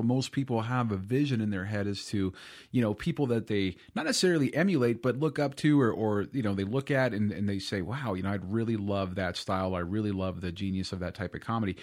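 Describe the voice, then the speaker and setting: A male podcast host chats with a comedian guest and winds his way through long, looping questions, often restarting mid-phrase. His voice sits slightly low. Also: expressive, brisk. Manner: rambling questions full of restarts and fillers. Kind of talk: casual interview chat.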